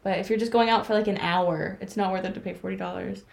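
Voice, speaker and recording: A woman's voice: medium pitch, fairly even intonation, fast, gravelly. A woman in her twenties co-hosting a podcast, rambling through stories in casual chat with lots of filler words. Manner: rambling storytelling with many "like" fillers. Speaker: podcast co-host.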